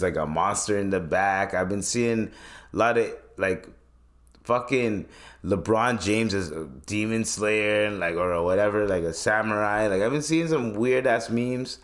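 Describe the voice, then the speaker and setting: A man in his twenties hosting a podcast, chatting loosely and rambling with plenty of swearing. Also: fairly low pitch. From Canada. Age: 20s. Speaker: podcast host. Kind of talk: casual podcast chat.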